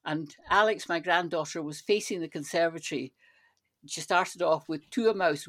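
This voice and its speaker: Older Scottish woman, chatty and low. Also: normal speed, fairly bright tone. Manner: chatty, anecdotal. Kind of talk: casual chat.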